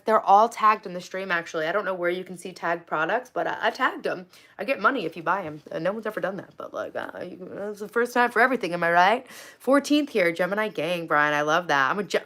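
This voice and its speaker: A young woman chats on a live stream from home. She is sarcastic and quick to swear, and she reads viewers' messages aloud in a mocking, playful tone. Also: mid-range voice, a bit bright. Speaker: livestream host. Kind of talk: casual livestream chat.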